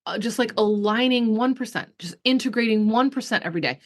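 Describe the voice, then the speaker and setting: A woman business coach and podcast host, talking casually to a group call, emphatic and profane, with chatty restarts and big swings in pitch. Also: fairly quick. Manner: chatty, full of fillers and restarts.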